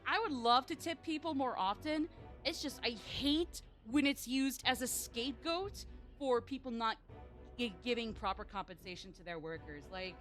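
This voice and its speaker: A woman's voice: high-pitched, a bit bright. A woman streaming a game, chatting in a rambling, jokey way full of fillers. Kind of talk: livestream gaming commentary.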